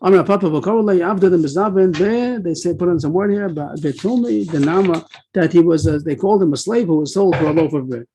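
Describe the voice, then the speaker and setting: A man teaching a Talmud lesson over a video call, with a husky, mellow voice that sits a little high. He reads the text at a rapid clip, then slows down to explain, filling gaps with pauses and hesitations. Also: low-quality recording. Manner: reads Aramaic text fast, then explains slowly with many pauses and fillers. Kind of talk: daf yomi class on a video call.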